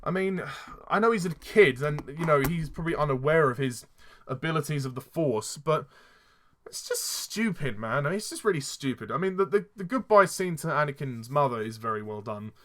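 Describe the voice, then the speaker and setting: A man's voice: fairly high pitch, animated, fairly quick, fairly bright tone. A man giving a casual film review, exasperated and sarcastic, often laughing at what he criticizes.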